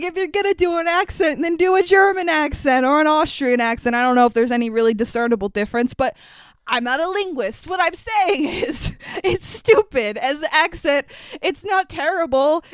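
A woman chatting casually about a movie with a co-host, sarcastic and animated, laughing often and swearing freely. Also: high voice, dry recording, clean studio sound. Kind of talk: casual movie recap chat.

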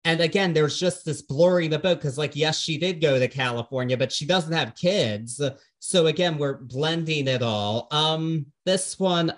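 A man co-hosting a podcast, talking through an album in a casual, earnest and thoughtful way. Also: fairly high pitch. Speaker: podcast co-host. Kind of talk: casual music review chat.

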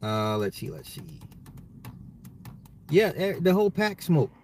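A man's voice: fairly high pitch, very animated, unhurried, a little mellow, a little hiss or hum. A man, a father, hosting his own commentary podcast, talking straight to listeners in an emphatic way and often repeating himself. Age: adult, a father. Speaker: podcast host. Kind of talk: solo social commentary podcast.

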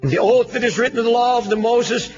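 A high-pitched man preaching with fervor, hammering rhetorical questions and dropping to near-hushed tones between outbursts. The sound is dull and lo-fi, like an old archive sermon tape, with faint music beneath. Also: quick pace. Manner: impassioned, rhetorical questions, swings from loud to hushed.

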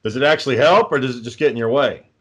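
A man's voice: mid-range voice, fast, breathy edge. A man telling dry, profane anecdotes in casual podcast chat. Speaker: co-host.

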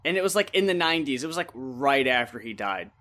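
A man's voice: mid-range voice, sing-song, bright, forceful tone. A man co-hosting a podcast in casual chat, rambling and swearing freely as he retells scenes. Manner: rambling, profane, acts out scenes in quick voices. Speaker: podcast co-host.

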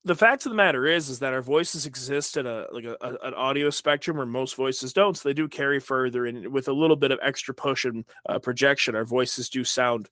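Deep-voiced man with dry humor. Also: fairly quick, few pauses, no room sound. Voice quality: deep booming voice. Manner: dry, deadpan humor, rambling asides. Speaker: podcast co-host. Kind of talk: casual chat.

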